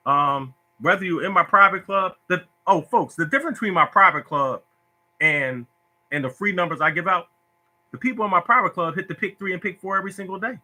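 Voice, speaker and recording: Man, livestream host on a phone, keeps repeating himself with feeling, slightly high and very bright voice. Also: fairly quick. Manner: preachy, repetitive, emotional. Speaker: lottery tips host. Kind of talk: casual Facebook live talk.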